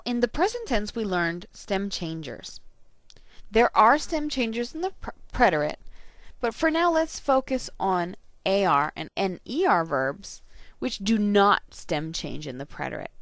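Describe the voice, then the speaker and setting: A woman teacher giving a recorded grammar lesson, slowly and carefully saying each verb ending aloud. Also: medium pitch, lively intonation, gravelly, fairly bright tone, no room sound. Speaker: Spanish teacher.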